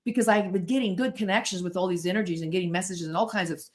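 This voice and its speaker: A middle-aged woman from the United States, a podcast guest telling stories in an animated, self-interrupting way. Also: fairly low pitch, racing. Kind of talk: casual storytelling interview.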